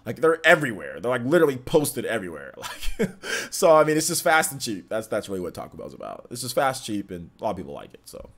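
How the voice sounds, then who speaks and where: Brief: young male streamer, mid-pitched, casual rambling chat with viewers, plenty of ums and likes. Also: big pitch swings, fast, fairly bright tone. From California. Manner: rambling, filler-heavy, reads chat aloud. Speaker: streamer host.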